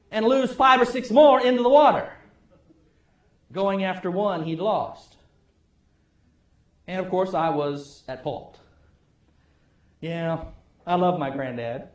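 A middle-aged man preaching a sermon, telling wry stories and praying, with his loudness rising and falling. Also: high-pitched, reverberant. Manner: storytelling, wry, varies loudness widely. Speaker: pastor. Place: church sanctuary.

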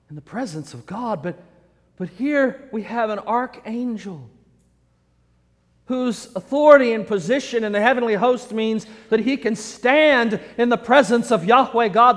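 Playful male preacher, high voice, jokey asides, echoey church hall. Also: expressive, unhurried. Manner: playful, acts out the characters. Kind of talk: sermon with humorous asides.

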